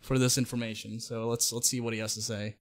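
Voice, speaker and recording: A man's voice: medium pitch, little pitch movement, fast, dry recording, clean studio sound. A man hosting a casual podcast, rambling and swearing as he introduces clips. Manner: rambling, many fillers and restarts, swears casually. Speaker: podcast host presenting clips. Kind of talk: casual chat.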